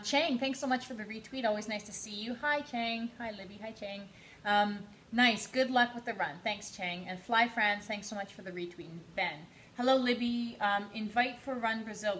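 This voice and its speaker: A woman's voice: medium pitch, a bit bright. A young woman, out of breath from running, chatting casually on a livestream and greeting viewers by name. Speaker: livestream host training for a charity run. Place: indoors on a treadmill. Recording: echoey room with faint noise.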